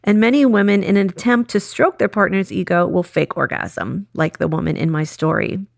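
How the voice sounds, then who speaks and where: Woman therapist lecturer, measured delivery, gravelly tone, dry close sound. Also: mid-range voice, no echo. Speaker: sex therapist. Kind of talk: scripted lecture with case story.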